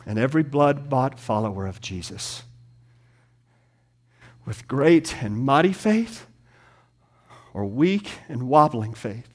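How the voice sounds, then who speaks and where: A man preaching a sermon, swinging from loud, rapid lists to hushed, near-whispered passages. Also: medium pitch, expressive, breathy edge.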